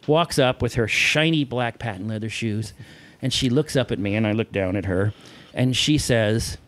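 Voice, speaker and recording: A man's voice: mid-range voice, normal speed. A man telling stories about his old costume-character job in a casual chat, often laughing and acting out the voices of the people in his stories. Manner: animated storyteller, laughs often, acts out voices in quotes. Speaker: guest, former theme park costume performer.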